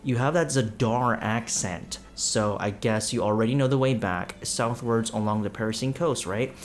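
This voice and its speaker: A man's voice: fairly low pitch, normal speed, natural voice. A man voicing a friendly, chatty local townsperson who welcomes a newcomer.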